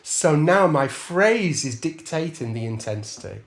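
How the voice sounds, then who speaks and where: Male trombone teacher, slightly high voice, chatty, laughs easily, scats rhythms mid-sentence. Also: very animated, unhurried. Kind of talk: masterclass talk with sung counting.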